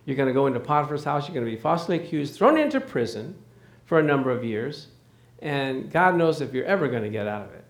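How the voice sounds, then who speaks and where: A man's voice: mid-range voice, big pitch swings, quick pace, roomy sound. A man preaching a sermon to a congregation, telling stories and acting out the dialogue, building up to emphatic points. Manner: storytelling with acted dialogue, rising emphasis. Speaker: pastor.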